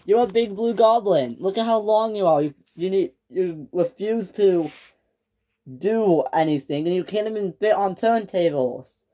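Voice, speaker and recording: A narrator voicing James, a boastful male toy engine, in a higher, taunting tone. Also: measured pace, warm tone, natural voice.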